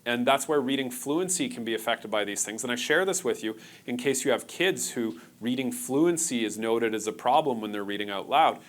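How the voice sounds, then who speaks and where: Speaking at a moderate clip with barely a pause, this man has a mid-range voice as he leads a workshop before a live audience in a conference room. His delivery is relaxed and engaging, and he jokes with the people in front of him.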